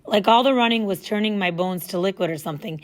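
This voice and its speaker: A woman reading a first-person story aloud in a casual, lively storytelling manner. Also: medium pitch, quick pace. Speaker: audiobook narrator.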